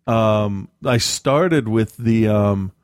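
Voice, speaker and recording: A man's voice: fairly low pitch, smooth, dry recording, clean studio sound. A man in casual chat, telling rambling, profane stories with a lot of restarts and self-mocking asides. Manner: halting with frequent restarts and ums.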